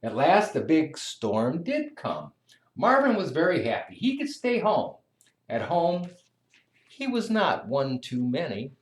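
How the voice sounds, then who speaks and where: A storyteller reading a children's picture book aloud in a slow, expressive, sing-song way. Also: medium pitch. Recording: echoey room.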